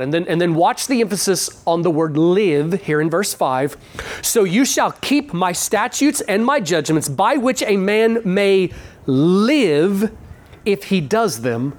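A pastor walking a congregation through scripture in a morning sermon. The voice sits at an ordinary middle pitch and drops into slow, deliberate stretches to land key words, then circles back to restate each point a second and third way. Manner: slows down sharply to stress key words and phrases; restates points in repeated phrasing. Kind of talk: expository sermon.

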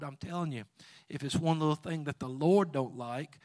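A man preaching a sermon, quoting scripture and swinging between loud exhortation and quiet asides. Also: a little high, a little fast, dry recording, clean studio sound.

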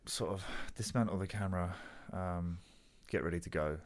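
Deep-voiced man telling a story. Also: moderate pace. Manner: animated storyteller, swears freely. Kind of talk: casual chat.

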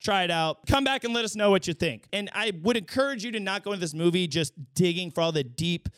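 A man hosting his podcast, giving a casual, animated movie review with swearing, his voice getting hoarse. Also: high voice, quick pace, dry recording, studio quality. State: losing his voice. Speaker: podcast host.

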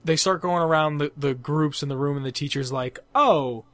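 Young male podcast co-host, slightly high voice, loose and profane storyteller. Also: moderate pace, a bit bright, dry recording. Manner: rambling, profane, laughs at his own jokes. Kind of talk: casual storytelling chat.

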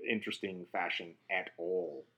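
A man's voice: low voice, normal speed, sharp tone. A man co-hosting a podcast, chatting casually with an eager, enthusiastic manner. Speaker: podcast co-host. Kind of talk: casual chat.

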